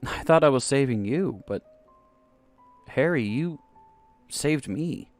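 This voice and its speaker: Man voicing a low, rough-voiced insomniac lover. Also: lively intonation, slow, faint music behind. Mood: tender. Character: brooding young man with insomnia, pleading.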